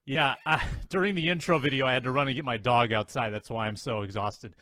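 A man hosting a sports podcast, running the show with upbeat banter and quick plugs. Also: mid-range voice, steady tone, pushed and bright, dry recording. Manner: upbeat, promo-style plugs and rapid banter. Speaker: podcast host.

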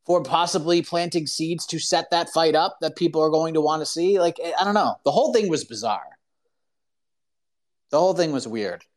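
A man hosting a live call-in show, ranting in an animated, opinionated way full of "like" fillers. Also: a little high. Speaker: podcast host.

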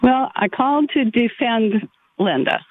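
A woman's voice: fairly high pitch, measured pace, crowd noise. An older woman, a grandmother, calling in to a radio show, polite and chatty. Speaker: radio caller. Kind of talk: phone-in call. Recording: tinny phone line.

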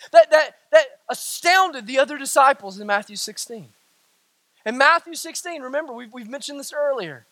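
Male pastor, sermon delivery, emphatic, with jokes along the way; bright, tense voice. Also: very high voice, expressive, moderate pace, no echo. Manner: emphatic, repetitive, with humorous asides.

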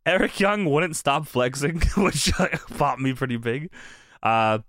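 A man's voice: mid-range voice, animated, measured pace, fairly bright tone, no room sound, clean studio sound. A young man co-hosting a casual chat, laughing often as he recounts scenes with quoted lines. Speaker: podcast co-host.

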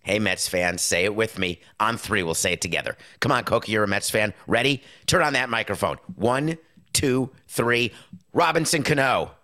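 A man's voice: lowish voice, normal speed. Emphatic, sarcastic sports talk man. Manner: emphatic, sarcastic, punchy with sudden loud stresses. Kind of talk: opinionated sports talk monologue.

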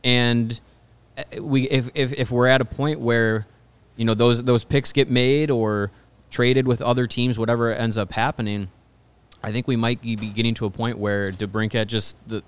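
Smooth-voiced guy on a sports pod, keeps restarting sentences. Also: mid-range voice. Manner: halting, many restarts. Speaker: podcast co-host. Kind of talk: casual sports podcast chat. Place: studio.

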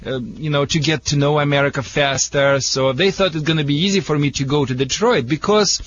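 A Russian-accented man gives dog-training advice to radio callers, joking and chuckling in broken English. His voice sits a little high. The sound is dull and lo-fi, like an old radio broadcast. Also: fairly quick, a bit bright.

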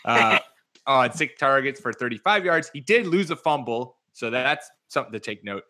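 A man hosting a fantasy football podcast, joking and getting excited in quick bursts. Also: medium pitch. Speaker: podcast host.

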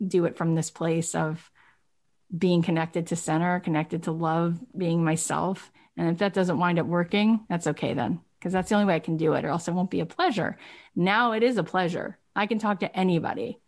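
A woman's voice: fairly low pitch, steady tone, moderate pace, darkish tone. A woman coaching a guest in casual motivational talk, emphatic and full of "right?" and "like".

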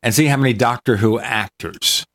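A man's voice: mid-range voice, moderate pace, a bit bright. A man hosting a tech talk show in casual, enthusiastic chat that wanders from point to point. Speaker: show host.

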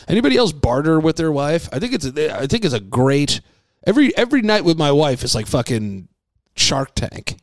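A man hosting a comedy podcast, rambling playfully with plenty of swearing and now and then dropping to a hushed voice. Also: fairly high pitch, animated, a little fast, no room sound, clean studio sound. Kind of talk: improvised comic singing and rambling chat.

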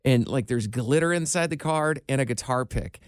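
A man's voice: mid-range voice, moderate pace, dry recording. Chatty male radio host, dry studio. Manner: chatty, storytelling, self-deprecating. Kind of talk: casual on-air chat.

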